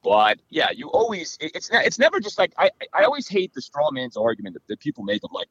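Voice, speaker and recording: A man's voice: on the high side, fast, few pauses, no echo, lo-fi sound. A man on a podcast talking through football strategy in a casual, analytical way, with lots of "you know" and "like". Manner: animated, analytical, many fillers.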